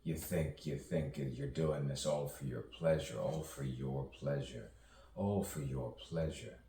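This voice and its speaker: A man with a remarkably low voice recites a rambling spoken-word soliloquy, letting phrases repeat in slow rhythmic loops. He sits well back from the mic in a roomy, echoing space, with a faint hiss of background noise. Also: mellow, distant mic. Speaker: poet.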